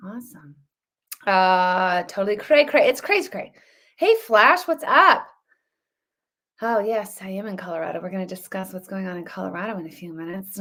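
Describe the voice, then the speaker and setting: A woman's voice: medium pitch, fairly bright tone. A woman hosting a casual live stream, chatty and rambling, greeting viewers by name between topics. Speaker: livestream show host.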